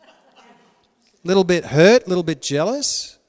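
A male pastor preaching a sermon, swinging between loud emphatic lines and hushed, prayerful ones. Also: high-pitched, expressive, slow pace, big-room sound.

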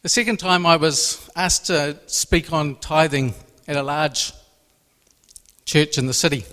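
Man, lay preacher, emotional testimony, somewhat high voice, long hall reverb. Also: a little slow, bright, forceful tone. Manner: earnest and emotional, repeats phrases. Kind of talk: personal faith testimony.

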